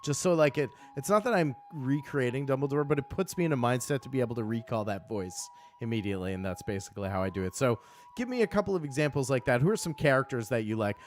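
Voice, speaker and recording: A man's voice: medium pitch, animated, fast, soft background music. Casting: male game-master streamer, casual, thinks aloud, mid-range voice. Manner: thinking aloud, explaining his process. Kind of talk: casual live-stream chat.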